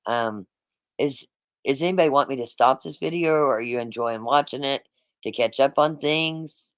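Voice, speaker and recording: Man, livestream host, casual rambling chat, repeats himself, mid pitch, dry close sound. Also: normal speed, clear, resonant tone, no room sound, low-quality recording. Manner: addresses the chat directly, rambling and repetitive.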